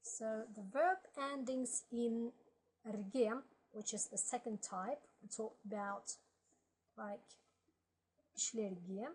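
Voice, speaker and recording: A woman teaching a language lesson, slowly reading word lists aloud and explaining grammar step by step. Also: fairly high pitch, darkish tone, a little hiss or hum, low-quality recording. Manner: slow, methodical, reads word lists aloud.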